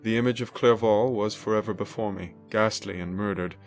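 A low-voiced man gives a dramatic, emotive first-person reading of a classic novel. Faint music sits under his narration. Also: steady tone, brisk. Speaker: audiobook narrator.

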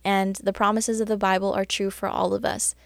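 A young woman giving a casual, earnest Bible devotional talk, chatty with lots of fillers and getting excited about the verses. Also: mid-range voice, fairly quick, creaky, no echo. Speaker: Christian devotional speaker.

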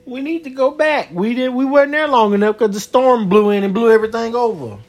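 A man's voice: extremely high pitch, a little fast, darkish tone. A man chatting casually with his child, teasing and joking in a loose, slangy way. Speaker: parent.

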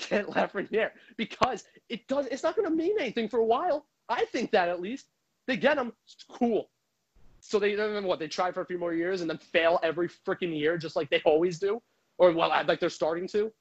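High-voiced man on a heated hockey rant. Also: slightly rough, dull audio. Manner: heated, profane, frustrated ranting. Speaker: hockey fan commentator. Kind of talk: ranting sports commentary. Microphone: microphone.

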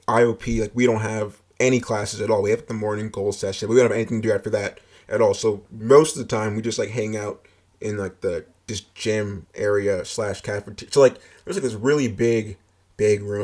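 A man's voice: lowish voice, a little mellow. A man telling a personal story in a casual, rambling way, full of filler words and swearing.

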